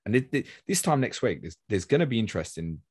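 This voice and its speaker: Deep-voiced chatty podcast host. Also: male voice, very animated, quick pace, breathy edge, no echo, clean studio sound. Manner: chatty, rambling, swears casually. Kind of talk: casual fantasy football podcast chat.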